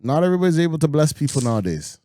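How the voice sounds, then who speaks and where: A man co-hosting a podcast, making emphatic, drawn-out points in casual sports banter. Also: fairly high pitch, very animated, mellow, no echo, clean studio sound. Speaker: podcast co-host.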